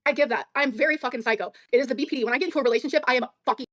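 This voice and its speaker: A woman telling a story on a streamed show, rapid, profane and defensive. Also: high-pitched, a bit bright, dry recording. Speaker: guest on a stream. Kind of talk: casual storytelling in a stream clip.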